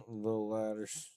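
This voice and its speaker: A young man giving casual, profane commentary while playing a game, laid-back and breaking into loud laughter. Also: fairly low pitch, clear, resonant tone, no echo, clean studio sound. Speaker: streamer.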